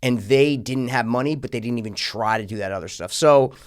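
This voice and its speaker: A man's voice: medium pitch, fairly quick. A man co-hosting a podcast, ranting casually and profanely about a horror film, with mocking impressions of the characters. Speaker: podcast co-host. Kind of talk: casual film review rant.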